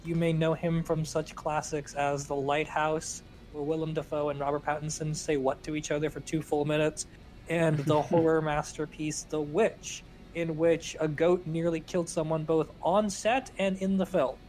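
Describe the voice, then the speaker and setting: A man's voice: fairly high pitch, flat delivery, normal speed, a little mellow, faint music behind. A man with a New Jersey accent co-hosting a podcast in casual chat, joking and swearing freely. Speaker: podcast co-host.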